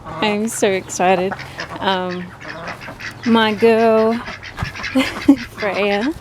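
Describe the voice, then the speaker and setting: A chatty woman rambles along with a slow, unhurried pace, breaking into giggles and fillers. She talks outdoors, and her voice sits over loud quacking ducks and constant noise. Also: fairly high pitch, steady tone. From Australia. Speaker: vlogger. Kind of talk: casual vlog talking to her ducks. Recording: noisy outdoor recording with ducks. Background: loud duck quacking.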